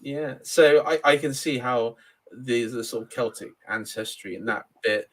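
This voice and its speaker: A man's voice: medium pitch, a little slow. A man from Cornwall who speaks with a middle-class English accent, in a mid-range voice. He is a guest on a casual podcast and often hesitates with ums and uhs as he talks. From Cornwall, England.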